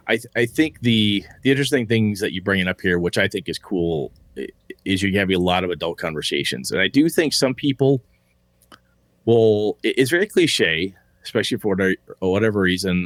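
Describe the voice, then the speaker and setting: A man's voice: on the low side, dry recording. A man co-hosting a casual podcast chat, rambling loosely, swearing offhand and acting out quotes. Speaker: podcast co-host.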